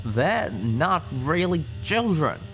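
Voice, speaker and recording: A man's voice: fairly high pitch, big pitch swings, slow, a bit bright, soft background music, voice pushed up, full character voice. A man voicing a tough male pegasus gunslinger in an audiobook, giving terse, urgent warnings.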